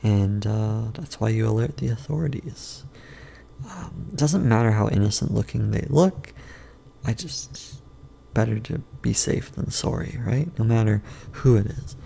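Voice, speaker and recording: Man, vlogger, casual rambling monologue, gravelly, mellow tone. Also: fairly low pitch, a little hiss or hum. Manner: rambling, unhurried, self-correcting. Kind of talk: casual food review monologue.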